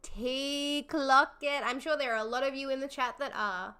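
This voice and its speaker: Young woman streamer, bright high voice, unhurried, gushing and supportive toward her chat. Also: clear, resonant tone. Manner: effusive and encouraging, laughs often. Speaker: livestream host. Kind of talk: casual live chat with viewers.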